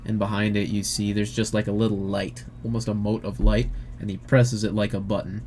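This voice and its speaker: A man narrating as game master in a relaxed, halting way. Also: on the low side, slight background noise. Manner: relaxed, hesitant with fillers.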